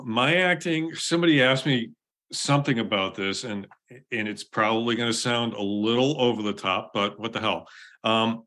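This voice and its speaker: Bright-voiced man telling stories as a guest. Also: mid-range voice. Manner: earnest, frequent restarts, laughs often; reflective storytelling. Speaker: interview guest, actor. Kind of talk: casual conversational interview.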